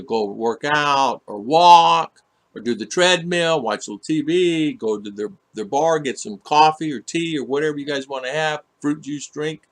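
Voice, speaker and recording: A man talking casually on a home livestream, greeting viewers by name and answering their comments. He rambles, stops and restarts often, and fills gaps with lots of "uh". His voice sits at a middle pitch. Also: a bit bright. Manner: rambling, many fillers and restarts. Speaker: livestream host reading chat. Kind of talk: casual live chat. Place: home in the Philippines.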